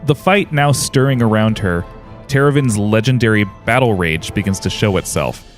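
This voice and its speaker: Male game master, low-pitched, telling the fight vividly over soft music. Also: moderate pace. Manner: dramatic descriptive narration. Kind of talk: narrating a tabletop game.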